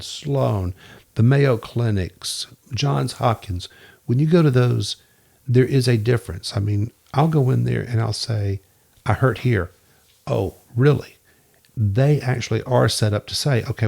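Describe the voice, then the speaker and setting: Brief: male podcast guest, low gravelly voice, chatty storyteller who plays out quoted dialogue. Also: dark tone. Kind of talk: casual storytelling interview.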